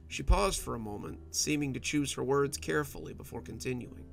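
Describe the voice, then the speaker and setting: A male narrator with a gravelly, creaky voice reads a dark story in a measured, steady tone. Soft instrumental music plays faintly under the reading. His pitch sits in the middle of the male range. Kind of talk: scripted horror story narration.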